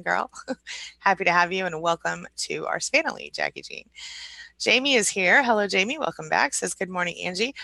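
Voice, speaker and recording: Upbeat gravelly woman hosting a live stream. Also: medium pitch, dry recording, low-quality recording. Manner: upbeat, warm greetings to viewers, light laughs. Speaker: host of a live support stream. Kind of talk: casual live-stream chat, reading comments.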